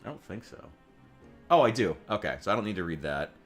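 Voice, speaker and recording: A man's voice: fairly low pitch, big pitch swings, a little fast, soft background music. A man streaming a game, chatting casually in a rambling, joking way, with frequent profanity and restarts. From United States. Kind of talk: casual gaming stream chat.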